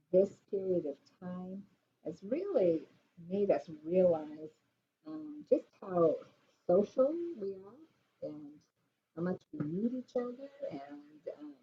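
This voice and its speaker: A woman teaching a dot painting class who talks in a relaxed, rambling, reflective way with many fillers. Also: lowish voice. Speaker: art instructor. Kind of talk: relaxed painting tutorial talk. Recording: dull lo-fi sound with faint noise.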